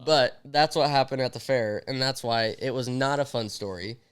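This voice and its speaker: Young man, podcast co-host, smooth clear voice, animated storytelling, mid pitch. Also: normal speed. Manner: animated, acts out quotes. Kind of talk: casual storytelling chat.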